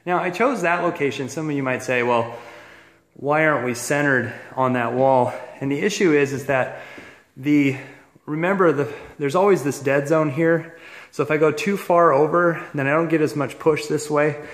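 A man's voice: on the high side, moderate pace, dry recording. Slightly winded man on a walkthrough. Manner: chatty, explains on the move with many fillers. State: a little out of breath. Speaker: heating contractor giving a walkthrough. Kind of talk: casual walkthrough. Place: house, indoors and outdoors.

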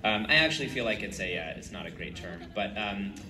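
A man's voice: on the low side, brisk. A man, a voice actor on a convention panel, telling stories with lots of laughter. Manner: animated storyteller, laughs often. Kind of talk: casual panel chat. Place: convention hall stage. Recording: echoey hall with crowd, distant mic. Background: audience crowd.

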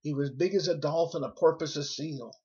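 A man reading a rhyming children's story aloud with a lively, rhythmic delivery. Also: a little high, a little fast, husky. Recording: dull lo-fi recording.

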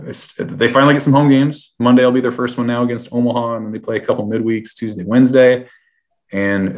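Easygoing young man on a sports podcast. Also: lowish voice. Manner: easygoing, hedging with fillers. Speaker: podcast co-host. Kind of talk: casual sports chat.

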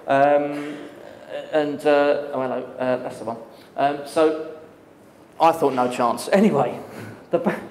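Animated man telling a story in an echoey hall. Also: medium pitch, a little hiss or hum. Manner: animated, laughing, lively storyteller with many fillers. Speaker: guest speaker. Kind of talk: storytelling at a live talk. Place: talk venue with audience. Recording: echoey hall with long reverb.

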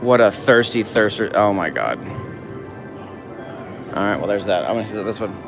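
A man live-streaming slot play from a casino floor, cursing and shouting at the machine while he reads out viewer messages. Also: on the low side, normal speed, gravelly, over music. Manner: excitable, profane, yells at the machine. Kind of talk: casual live-stream chat.

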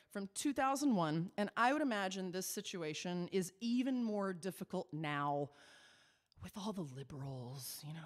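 Chatty cabaret singer with reverb. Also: female voice, mid-range voice. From Texas. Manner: chatty, self-mocking storyteller. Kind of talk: stage patter between songs.

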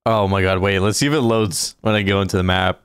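A man livestreaming a video game, chatting casually and reacting out loud as he plays. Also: low-pitched, fairly even intonation, fast talker, clean tone, no echo, clean studio sound. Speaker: gaming streamer. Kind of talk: casual live gameplay commentary.

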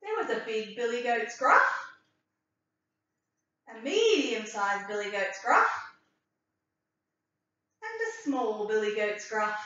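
A woman teacher reading a story aloud and leading a writing lesson for young children, clear and expressive. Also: on the high side, takes it slowly, long pauses. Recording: echoey room from far off, dull.

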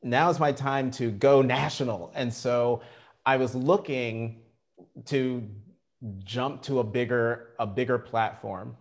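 A middle-aged man telling career stories in an interview, animated and acting out the quotes. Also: medium pitch, slow. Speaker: journalist guest. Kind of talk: storytelling interview.

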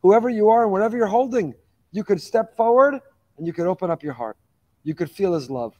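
A rabbi delivering a Torah lecture in a fairly high man's voice. He talks quickly, piling phrase on phrase, and pushes his exhortations with mounting passion. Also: lively intonation, warm tone. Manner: fast-talking, admits reading quickly; impassioned, exhorting with rising emphasis.

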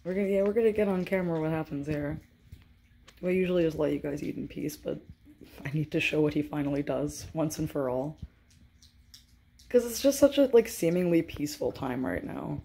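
A young woman speaks briskly in a low, warm voice with vocal fry as she films her cats at home on her phone. She chats to them casually in playful, sing-song baby talk.

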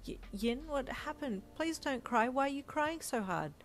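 A woman voicing a devoted young male hero from a romance story, speaking with anxious tenderness. Her tone stays fairly low and everyday, with little disguise, pleading softly and urgently. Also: a little fast, slight background noise, lightly acted. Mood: anxious tender. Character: adult male hero, earnest and protective.

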